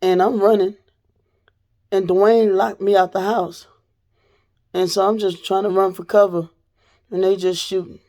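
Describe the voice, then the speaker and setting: A woman vlogger with a gravelly, fry-edged voice tells her story straight to the camera in casual talk. She is blunt and profane, and her pitch sits mid-range for a woman. Her voice drops low, then climbs loud and forceful. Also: little pitch movement, a little slow, long pauses.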